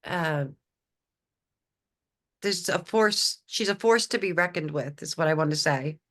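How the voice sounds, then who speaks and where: A woman hosts a relaxed podcast conversation in a somewhat low voice. She talks freely and often pauses to hunt for the right word. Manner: chatty, searching for words mid-sentence. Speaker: podcast host. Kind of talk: casual chat.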